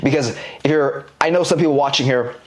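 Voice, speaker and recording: A man's voice: medium pitch, brisk. A man teaching an online business course in a casual, slangy lecture style, explaining ideas by drawing examples on a board.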